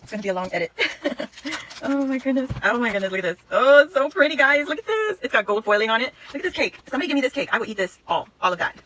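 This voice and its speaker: A woman vlogger unboxing a craft haul in casual chat, gushing and excitable, laughing often. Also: on the high side, racing, slight background noise.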